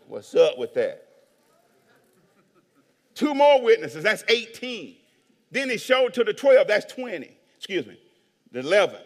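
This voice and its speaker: A man preaching a sermon as pastor, animated, acting out voices and swinging between hushed asides and shouts. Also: high voice, unhurried, long pauses. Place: church hall with long reverb. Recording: reverberant hall.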